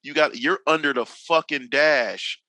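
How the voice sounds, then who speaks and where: Unhurried and on the high side, his bright, forceful voice is captured on a dry, rough recording. The speaker, a drifting veteran in his forties from Northern California, chats casually as a podcast guest, telling slang-filled stories, swearing freely and acting out quotes.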